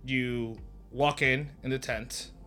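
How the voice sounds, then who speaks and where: A man narrating a tabletop game as game master in a casual, halting way. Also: mid-range voice, steady tone, pushed and bright, soft background music.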